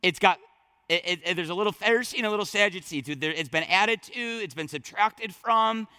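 Man, pastor preaching, high voice, bright tone, emphatic and conversational. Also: a little fast, smooth. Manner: emphatic, conversational preaching with sudden drops and rises. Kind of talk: sermon. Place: church sanctuary.

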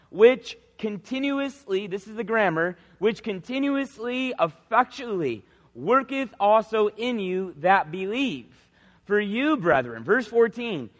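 A male pastor preaching a sermon in a church, reading scripture slowly and speaking with emphasis. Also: high voice, fairly bright tone. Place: large church sanctuary. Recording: reverberant hall.

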